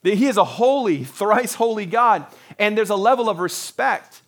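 A middle-aged man preaches in a relaxed, conversational way, his voice sitting fairly high for a man. He keeps breaking into short acted-out quotes, then settles back into plain teaching. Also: moderate pace. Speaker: pastor. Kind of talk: sermon.

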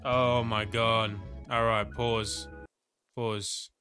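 A man streaming live, reacting to videos with loud exclamations, groans and a lot of swearing. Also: on the low side, level tone, extremely slow, faint music behind.

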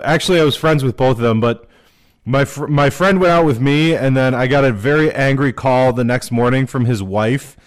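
A man co-hosting a podcast, telling party anecdotes with frequent laughs. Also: medium pitch. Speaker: podcast co-host. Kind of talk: casual chat.

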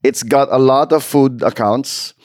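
Filipino male podcast co-host, casual code-switching chatter, mid pitch, dry studio sound. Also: steady tone, a little slow, darkish tone, dry recording. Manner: chatty, mixes English and Tagalog. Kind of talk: casual chat.

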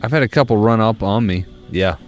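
A young man co-hosting a podcast chats casually and tells animated stories, swearing freely. His voice is on the low side and fairly quick, with faint music in the background.

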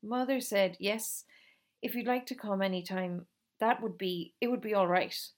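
A woman reading aloud, voicing a shy schoolgirl who speaks hesitantly and a little gruffly. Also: medium pitch, moderate pace, natural voice.

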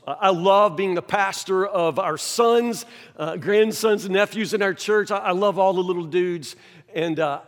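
Guy pastor preaching, kinda high voice, earnest, says stuff twice, long hall echo. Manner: earnest, repeats himself, swings between soft and raised. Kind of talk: sermon.

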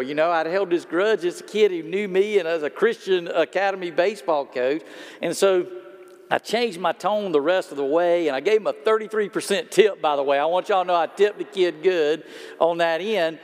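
A man's voice: sits high, normal speed. A man, a pastor preaching a sermon in a conversational storytelling way and talking straight to his congregation. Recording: long hall reverb.

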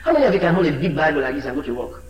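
A man preaching a sermon with fervor, swinging between shouts and low asides. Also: big pitch swings, very fast, echoey room, dull audio.

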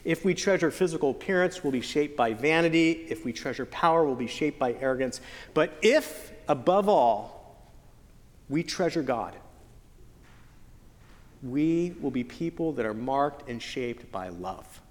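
A man preaching a sermon as pastor, earnest with playful joking asides and slow, stretched emphasis on key phrases. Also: on the high side, lively intonation. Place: church sanctuary. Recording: long church hall reverb.

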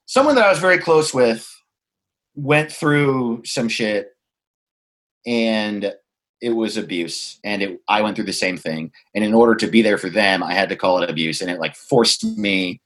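A man telling a personal story in a frank, reflective way, swearing freely and pausing to find his words. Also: on the low side, a bit bright. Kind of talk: candid conversational storytelling.

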